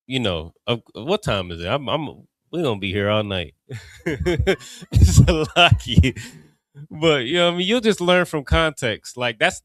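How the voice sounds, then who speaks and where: A man's voice: mid-range voice, fairly bright tone, dry recording. A man from Cincinnati with an Ohio accent, teaching a class in a loose, conversational way with many asides. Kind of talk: casual teaching talk.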